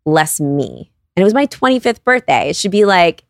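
A woman's voice: on the low side, sing-song, normal speed, vocal fry, no room sound, clean studio sound. A woman in her thirties, a podcast guest telling her story in an earnest, confessional way with lots of "like". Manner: earnest and confessional, many "like" fillers. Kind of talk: candid personal storytelling.

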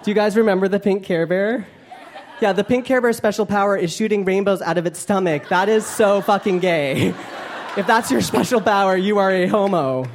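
A young man doing a stand-up comedy set, animated and campy, with playful asides to the crowd. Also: sits high, moderate pace, slight background noise. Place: live comedy club stage. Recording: live club recording with crowd. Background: audience laughter.

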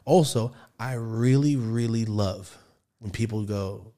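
A man's voice: fairly low pitch, slow pace, warm tone. A young man co-hosting a casual podcast, rambling, laughing and swearing a lot as he tells stories. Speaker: podcast co-host.

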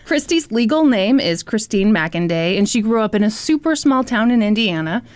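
A woman's voice: mid-range voice, lively intonation, normal speed. A woman hosting a podcast, telling a story with wry, sarcastic comedy. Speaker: podcast host.

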